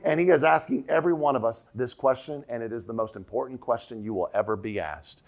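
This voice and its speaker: A man preaching a sermon as pastor, emphatic, repeating key lines and dropping his voice low for the quoted question. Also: a little fast, gravelly, few pauses. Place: church sanctuary.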